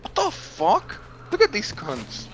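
A man's voice: high-pitched, huge pitch swings, slow pace. A young man in casual gaming banter, making crude, mock-patriotic jokes over voice chat. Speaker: gamer in voice chat.

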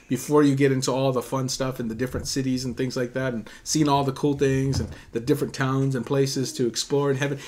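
A man hosting an online show, giving an earnest sermon-style Bible teaching with personal stories, slowing for emphatic readings. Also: mid-range voice, a little mellow. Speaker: host and preacher.

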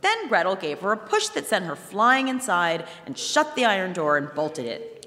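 A woman reads a fairy tale aloud at a live museum event, telling it in an animated way. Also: medium pitch, moderate pace. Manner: animated storytelling. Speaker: reader. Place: museum hall, before an audience. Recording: long hall reverb.

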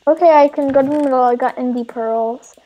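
A woman chatting while gaming, playfully putting on an accent with broken English and drawn-out teasing lines. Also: sits high, steady tone, dull audio. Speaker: gamer. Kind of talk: casual gaming chat.

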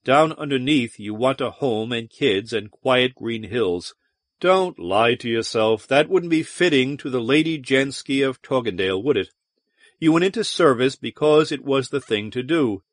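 Brooding male space captain, read by a man, low measured voice, audiobook, lively pitch. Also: no echo, clean studio sound, lightly acted. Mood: teasing.

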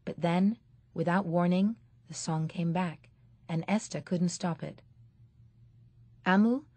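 A woman narrating an audiobook in a measured, steady storytelling manner. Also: on the low side, no echo. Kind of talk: scripted narration.

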